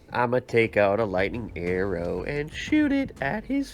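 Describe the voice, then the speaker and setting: A man with a low voice playing a tabletop game. His pitch swings widely as he gets excited, though he speaks slowly, and he swears freely. Faint music plays behind him. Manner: excitable, swears, rises from calm to loud. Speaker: player.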